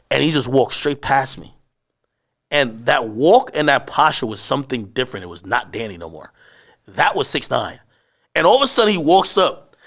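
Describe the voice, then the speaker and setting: A man telling a story in a casual interview, cursing freely and acting out shouted lines from the people in it. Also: a little high, creaky. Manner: animated storyteller, acts out shouted quotes; profane, slangy. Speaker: interview guest.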